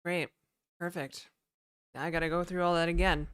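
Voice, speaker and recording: A woman's voice: fairly low pitch, fairly even intonation, moderate pace, clear, resonant tone, dry recording, clean studio sound. Frustrated, swearing woman streamer. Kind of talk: casual live stream chat.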